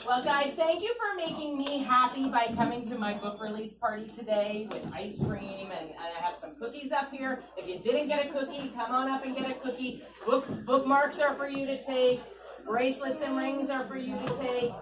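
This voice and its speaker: During a children's storytime at an ice cream shop, a woman author with a high-sitting voice reads aloud at a moderate pace. Animated and coaxing, she keeps quizzing the kids. The mic is far off in an echoey room with clear chatter.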